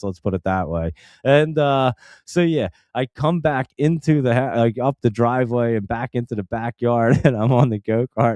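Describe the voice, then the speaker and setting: A man's voice: medium pitch, darkish tone, dry recording, studio quality. A man telling a casual story in a rambling way, full of fillers and restarts. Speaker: stock channel host.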